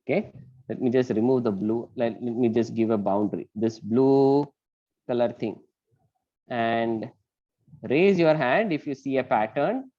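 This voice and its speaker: A man's voice: mid-range voice, unhurried. A man with an Indian English accent teaching an online math class, patient and often checking in with "right?". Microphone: video call. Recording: dull lo-fi call audio.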